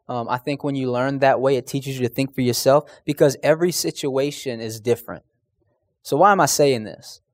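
A man preaching a conversational sermon, earnest and casual, often pausing with "um" and restarting his sentences as he tells stories and asks the room questions. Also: mid-range voice, a little mellow, no echo.

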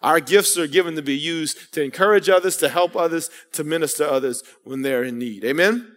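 A man's voice: fairly high pitch, brisk, a bit bright. A man preaching an earnest sermon as pastor, telling stories and calling out to the congregation. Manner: earnest preaching with storytelling and call-outs. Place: church sanctuary. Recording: long reverb of a church hall.

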